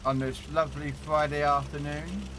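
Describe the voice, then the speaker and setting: A man's voice: on the high side, little pitch movement, moderate pace, background noise. A man streaming a tank game, chatting casually and rambling as he repeats words while thinking aloud, on a desktop condenser mic. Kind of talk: casual gameplay commentary.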